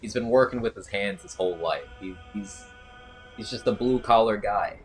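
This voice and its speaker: A man's voice: on the low side, normal speed, faint music behind, rough recording. A man streaming a game, chatting casually and joking while reading viewer comments aloud. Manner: jokey, riffing and reading chat aloud. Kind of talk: casual chat with live chat.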